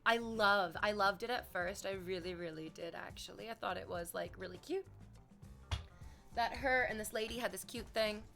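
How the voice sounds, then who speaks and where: Bright-voiced chatty woman streamer. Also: medium pitch, moderate pace, vocal fry, faint music behind. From Canada. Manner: chatty storytelling, playful exaggerated quoted voices. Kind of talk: casual chat to stream viewers.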